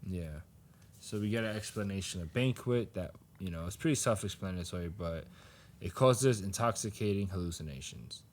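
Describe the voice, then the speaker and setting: A man's voice: deep voice, lively intonation, moderate pace. A man co-hosting a podcast, casually recapping a manga chapter and acting out the characters' lines with laughter. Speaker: podcast co-host.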